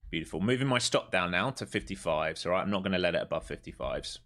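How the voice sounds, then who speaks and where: Male trader-streamer with a lowish voice and a chatty running commentary that goes from quiet muttering to sudden excitement. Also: fast talker. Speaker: live-streaming day trader. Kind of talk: live trading commentary to viewers.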